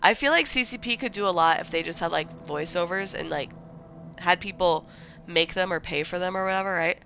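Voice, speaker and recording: Young midwest girl streaming, super rambly, likes everywhere, bright tone, kinda muffled audio. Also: lowish voice, a little fast, creaky, slight background noise. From American Midwest. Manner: rambling, filler-heavy, many likes and restarts. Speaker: livestreamer. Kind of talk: casual livestream chat.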